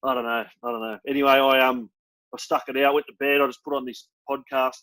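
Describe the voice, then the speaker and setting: A man's voice: medium pitch, little pitch movement, fast, fairly bright tone, low-quality recording. A young Australian man co-hosting a podcast, chatting casually, bluntly and enthusiastically, with some swearing. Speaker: podcast co-host. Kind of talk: casual chat.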